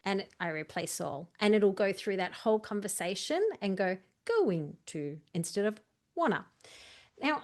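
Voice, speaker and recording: A woman coaching a video editing tutorial, chatty and walking through each step while correcting herself as she goes. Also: medium pitch. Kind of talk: screen-share editing tutorial.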